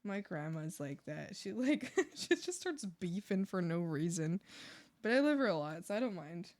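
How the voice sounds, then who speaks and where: A young woman art streamer chatting casually while she draws, telling stories in an animated, giggly way full of fillers. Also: lowish voice, normal speed. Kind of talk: casual chat while drawing. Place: home room.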